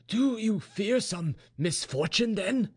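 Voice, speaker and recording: Male narrator doing a genial old general, raised pitch, coaxing, fatherly, storybook reading. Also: expressive, takes it slowly, slightly rough, exaggerated voice. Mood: concerned. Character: fond, smiling old father, an army general.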